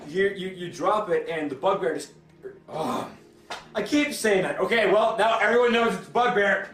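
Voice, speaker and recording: A man's voice: sits high, a bit bright. A young man narrating a tabletop game as game master, stumbling over restarts and fillers. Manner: halting, many restarts and fillers. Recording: echoey room with faint music.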